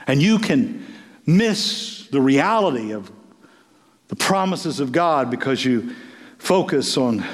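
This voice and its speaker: A man preaching a sermon as pastor, telling stories in an animated way with voiced asides. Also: mid-range voice. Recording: long hall reverb.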